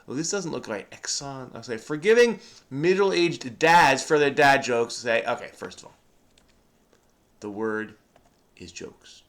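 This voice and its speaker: Middle-aged male host, mid-pitch voice, casual and playful, thinks aloud while solving a crossword. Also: lively intonation, unhurried, a bit bright. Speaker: crossword solver. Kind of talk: casual solo crossword commentary.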